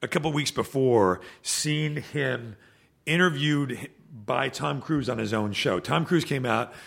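A man with a gravelly, crackly voice talks casually as a guest on a podcast. He rambles through his stories and trips over fillers and restarts along the way. His pitch sits in an ordinary middle range. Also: a little slow, fairly bright tone. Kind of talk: casual chat.

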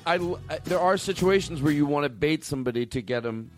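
A man hosting a comedy talk show with a lively, animated pitch that runs fairly high. He teases and interrupts his guests. Soft music sits under him. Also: quick pace. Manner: playful, interrupting, teasing. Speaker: show host.

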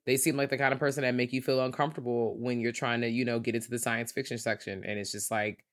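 A woman's voice: a bass voice, little pitch movement, fast talker. A woman co-hosting a podcast in casual chat, laid-back and playful, swearing now and then. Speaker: podcast co-host.

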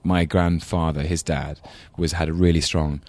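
A man's voice: very deep voice, little pitch movement, moderate pace, a little mellow. A man with an English London accent, a guest on a talk show, chatting in a thoughtful, rambling way and laughing easily. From England. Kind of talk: casual chat.

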